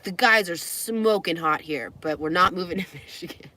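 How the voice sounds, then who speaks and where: Young california girl rambling in her car vlog, chatty, lowish voice. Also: moderate pace, pushed and bright. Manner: chatty, rambling, laughs often. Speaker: vlogger. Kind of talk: casual vlog chat. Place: living in a car, traveling.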